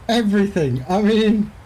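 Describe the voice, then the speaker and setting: A man's voice: sits high, mellow. A man streaming a flight simulator, chatting casually and rambling with jokey asides to his viewers. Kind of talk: casual chat while flying a sim.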